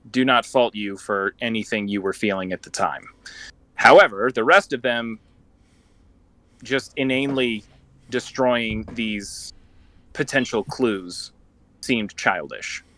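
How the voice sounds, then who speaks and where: A young adult man playing a tabletop game, speaking in character in a formal, measured way. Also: fairly low pitch, fairly bright tone, no echo, poor audio. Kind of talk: in-character tabletop role-play.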